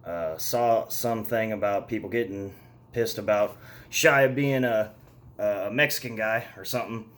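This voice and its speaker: A man's voice: fairly low pitch, unhurried, fairly bright tone. A man giving a casual, rambling movie review full of swearing and fillers. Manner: profane, rambling, heavy on fillers.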